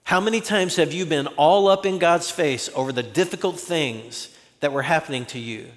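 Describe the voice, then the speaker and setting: High-voiced man preaching in a hall. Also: moderate pace. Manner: conversational, acts out quoted voices. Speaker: pastor. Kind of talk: sermon.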